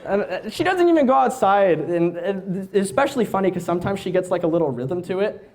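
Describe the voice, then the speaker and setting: Lively young male stand-up comic. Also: high-pitched, fairly quick, crowd noise, background noise. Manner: rambling, hesitant, self-amused. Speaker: stand-up comedian. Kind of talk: live stand-up comedy. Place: live venue stage.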